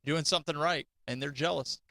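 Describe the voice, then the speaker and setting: A man's voice: on the high side, fast talker, sharp tone, dry recording. A male podcast co-host and father of two, chatting casually and laughing easily as he tells stories. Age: adult father of two.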